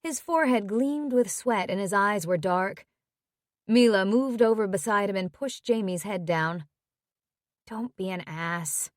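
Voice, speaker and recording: A woman narrating a romance audiobook in a measured, even reading. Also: mid-range voice, no room sound, clean studio sound.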